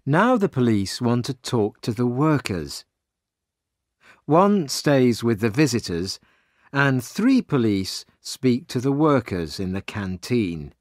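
Slow, expressive male story narrator. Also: mid-range voice, no room sound, studio quality. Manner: slow, clear and expressive reading. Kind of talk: storybook reading for English learners.

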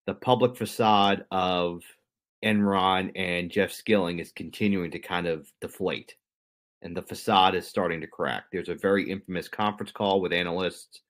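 A man's voice: sits low, a bit bright. A man co-hosting a podcast, casually telling a history story with jokes and asides to his co-host. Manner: conversational, jokey, explains history to co-host.

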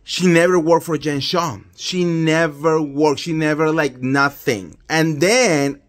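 A man's voice: a little high, fairly even intonation, slow. A man hosting a casual pop culture gossip commentary, talking in an exasperated, incredulous way with lots of fillers.

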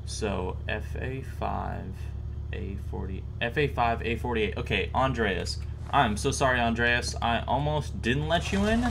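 A man's voice: medium pitch, gravelly, background noise. Chatty young man playing a game. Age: young adult. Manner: chatty, repeats plates aloud, nervous. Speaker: gaming YouTuber. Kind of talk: live game commentary.

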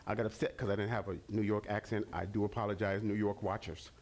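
A man preaching a sermon on a television ministry broadcast, animated and repetitive, with stammered restarts and sudden bursts. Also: on the low side, fast.

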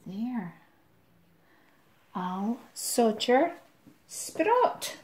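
Slow, gentle Scottish woman storyteller. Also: a little high, very animated, echoey room. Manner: gentle, rhythmic, drops to soft asides while drawing. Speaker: music tutor. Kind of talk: children's storytelling and drawing.

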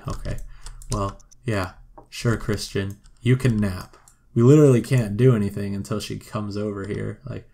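A man's voice: lowish voice, moderate pace, gravelly, a little mellow. A man giving wry, joking let's play commentary on a life-sim game. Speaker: gameplay commentator.

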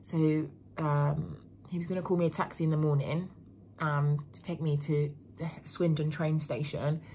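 A woman's voice: deep voice, little pitch movement, moderate pace, dark tone, slight background noise. A young woman, rambling candidly in a casual vlog, full of fillers and swearing. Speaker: vlogger.

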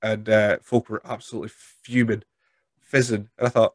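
A man's voice: on the low side, level tone, normal speed, no echo. A man with a Scottish accent hosting a wrestling podcast, chatting casually, telling stories and laughing often. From Scotland. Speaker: podcast host. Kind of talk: casual interview chat.

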